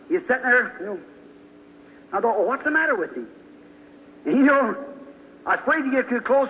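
A man's voice: very high-pitched, slight background noise. A man preaching a sermon, telling folksy stories and breaking into fervent praise. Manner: folksy storytelling, fervent outbursts. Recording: dull sound in a large hall.

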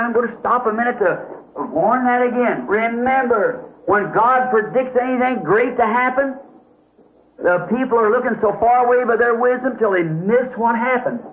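A man with a high voice, preaching a folksy sermon that keeps checking in with the listeners. The sound is thin and tinny, like an old tape with a faint hiss behind it. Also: roomy sound. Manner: folksy, repeats "see?" often, self-correcting. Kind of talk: question-and-answer sermon.

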